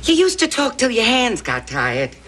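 A woman's voice: on the high side, normal speed, very noisy. An actress playing an older woman, a pushy, doting neighbor who teases and feeds her guests, in a sitcom. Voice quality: animated, teasing delivery. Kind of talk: sitcom acting.

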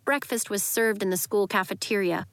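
A woman narrating a children's story in a lively, expressive way. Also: mid-range voice, moderate pace, clean tone, dry recording. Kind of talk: audiobook narration.

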